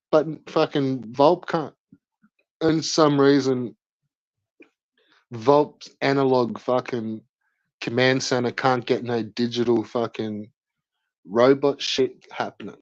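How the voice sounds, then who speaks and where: Slow-talking, foul-mouthed young man. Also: mid-range voice, steady tone, dry recording. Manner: profane, mocking banter with frequent laughs. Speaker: streamer. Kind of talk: live stream commentary. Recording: dry, slightly dull lo-fi mic.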